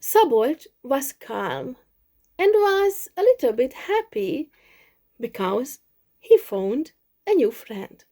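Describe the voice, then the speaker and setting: Woman, storyteller for learners, slow, expressive, repeats phrases. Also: sits high. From Hungary. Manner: slow, expressive, with many repetitions. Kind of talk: simple story read slowly for English learners.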